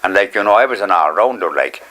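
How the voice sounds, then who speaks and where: An older Irish man tells his life story in a documentary interview, reminiscing in a lively, fast, pushed and bright voice. He rambles and repeats words as he recalls the past, acting out quotes in a higher voice.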